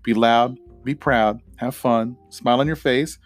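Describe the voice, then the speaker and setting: A man's voice: mid-range voice, steady tone, measured pace, soft background music. Rambling middle-aged male podcast host. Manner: rambling, filler-heavy, playful rhymes. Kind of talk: casual podcast outro.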